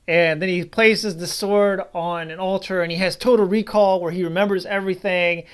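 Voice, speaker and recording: A man's voice: sits high, fairly even intonation, normal speed, few pauses, smooth. Rambling, blunt male movie reviewer. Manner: rambling, blunt and dismissive, with frequent asides. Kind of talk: casual spoken film review.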